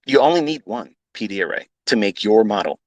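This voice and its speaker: A trading educator on a live audio space launches into an unscripted, profane rant, blunt and combative, swearing freely and repeating himself for emphasis. His lowish voice is expressive and fairly quick, captured in a dry recording with poor audio.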